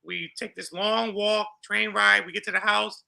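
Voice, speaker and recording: A middle-aged man from New York, a podcast guest telling a personal story in an animated way and acting out the dialogue. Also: high voice, normal speed, creaky. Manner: animated, acts out dialogue with laughter. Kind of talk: storytelling in an interview.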